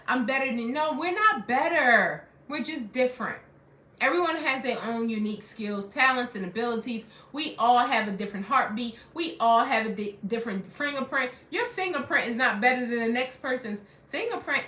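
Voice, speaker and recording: A woman's voice: fairly high pitch, pushed and bright, roomy sound. A middle-aged woman and life coach giving a motivational self-help talk, preachy and repeating phrases for emphasis.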